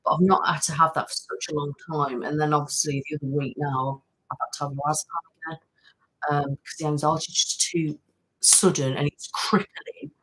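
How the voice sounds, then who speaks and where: Low husky woman chatting on a live stream. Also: fairly even intonation, a little fast, a bit bright, poor audio. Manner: chatty, thanks viewers by name, trails off. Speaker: ASMR channel host. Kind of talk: casual live-stream chat reading comments. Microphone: studio mic.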